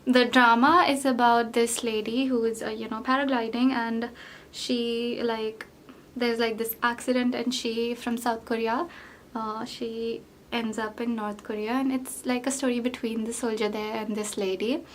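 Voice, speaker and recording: A young woman with a somewhat high voice, chatting her way through a get-ready-with-me makeup routine. She rambles, piles on fillers and pokes fun at herself. Faint noise sits behind her. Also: little pitch movement, measured pace. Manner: rambling, filler-heavy, self-deprecating. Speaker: beauty vlogger.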